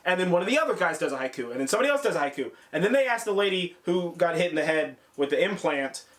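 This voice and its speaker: A man's voice: sits high, lively intonation, rapid-fire. A man co-hosting a review show, recapping an episode in loose, profane casual chat and briefly mimicking characters. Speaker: podcast co-host.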